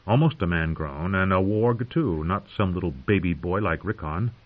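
A man narrates a story in a low voice with lively, swinging intonation. His reading is dramatic and expressive. The audio sounds dull and lo-fi. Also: moderate pace. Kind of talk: scripted narration.

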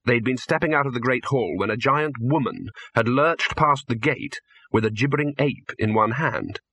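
A man reading an audiobook in a measured, dry storytelling manner. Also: medium pitch, sharp tone, husky, no room sound. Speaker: narrator. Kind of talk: audiobook narration.

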